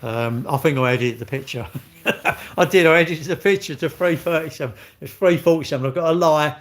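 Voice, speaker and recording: A man's voice: fairly high pitch, fairly quick. A man, chatting casually on a live stream and telling rambling, sweary stories while answering viewers. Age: 60s.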